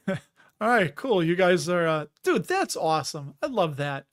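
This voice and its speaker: A man's voice: sits high, very animated, measured pace. A middle-aged man casually chatting on a livestream, reading viewer comments, laughing often and restarting words. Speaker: livestream host.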